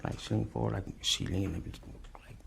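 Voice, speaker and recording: A man giving courtroom testimony, halting and repeating his words, often adding "you know what I'm saying". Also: fairly low pitch, fairly even intonation, vocal fry, fairly bright tone, slight background noise. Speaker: defendant testifying.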